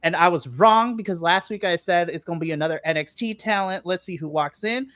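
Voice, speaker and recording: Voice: mid-range voice, a little fast, a bit bright, no echo. A podcast co-host giving a casual recap, chatty, laughing often and acting out their own reactions. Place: remote live stream.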